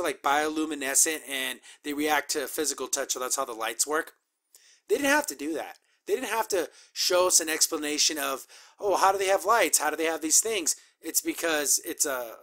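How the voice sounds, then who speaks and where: A man casually recapping and reacting to a cartoon episode, chatty and upbeat, acting out quick character quotes. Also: fairly high pitch, pushed and bright. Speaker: show reviewer.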